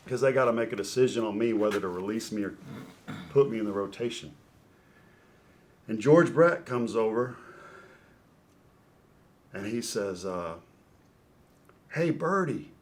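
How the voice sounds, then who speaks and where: A middle-aged man, a former pitcher turned announcer, telling an animated story as a podcast guest. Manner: lively storyteller with rising excitement and reflective close.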